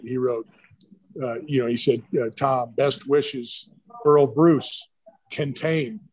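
A man's voice: medium pitch, steady tone, slow, a little mellow, slight background noise, poor audio. A middle-aged man, a retired football coach, telling rambling stories in a casual interview. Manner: rambling, storytelling with quoted voices.

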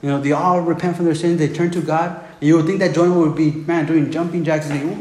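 Brief: laid-back male preacher, slightly high voice, restarts and filler, echoey room. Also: flat delivery, quick pace, hardly any pauses, darkish tone. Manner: casual, repetitive, says "man" a lot. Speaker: pastor. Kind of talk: sermon teaching from Bible. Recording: roomy room, faint background noise.

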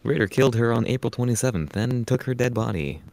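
A man's voice: medium pitch, animated, quick pace, vocal fry, a little mellow, slight background noise. A man on a casual podcast reading notes aloud with frequent fillers. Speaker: podcast co-host.

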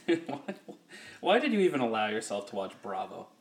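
A man's voice: lowish voice, sing-song. A man hosts a casual podcast and throws in dry quips while his co-host talks. He laughs readily and keeps it loose. The recording has a roomy, echoing sound. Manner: dry wisecracks, quick to laugh. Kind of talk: casual chat. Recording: roomy echo.

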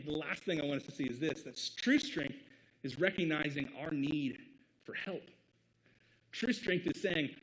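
A man from the American Midwest delivers a sermon in a conversational, earnest way. His voice sits a little high for a man. He drives his points home with emphatic rhetorical questions. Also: fairly bright tone, poor audio. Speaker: pastor.

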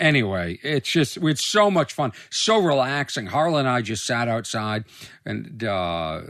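A man's voice: mid-range voice, a bit bright, dry recording, studio quality. A man hosting his own podcast as a comedian, rambling loosely, swearing freely and mocking himself. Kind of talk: casual rambling monologue. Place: recording studio.

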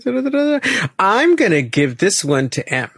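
A man's voice: high voice, sing-song, slow pace, creaky, fairly bright tone, no room sound. A man co-hosting a casual podcast trivia game, chatty and full of fillers and self-corrections. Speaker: quiz co-host.

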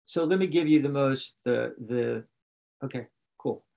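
A man's voice: mid-range voice, unhurried, creaky, dark tone. A man from West Virginia, a coach and podcast guest, talking candidly in a rambling, self-correcting way. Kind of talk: candid conversation.

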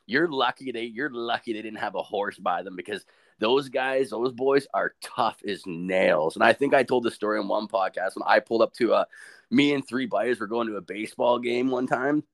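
A man co-hosting a podcast, telling crude stories in casual chat, swearing constantly and laughing often. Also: on the low side. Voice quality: profane, animated storyteller who laughs a lot. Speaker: podcast co-host.

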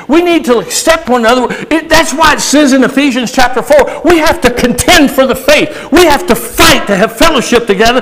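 A male pastor delivering a sermon, moving between casual asides, sudden shouts and slow emphatic stretches. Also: extremely high pitch, rough recording.

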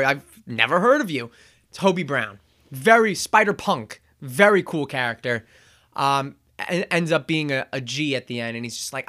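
A man's voice: on the high side, lively intonation, moderate pace, sharp tone. A man hosting a podcast, recapping a movie in casual chat, rambling with chuckles and acting out quotes. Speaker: podcast host.

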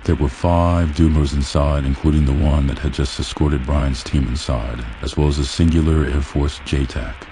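A man reading a novel aloud in a steady, even storytelling manner. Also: rumbling low, moderate pace, few pauses, background noise. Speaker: audiobook narrator. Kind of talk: scripted audiobook narration.

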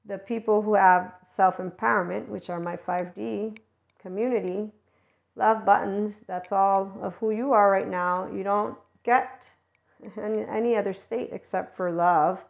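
A woman giving a casual, rambling spiritual teaching monologue as a guidance channeler, talking conversationally with soft laughs. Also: medium pitch, steady tone, unhurried, gravelly, muffled recording.

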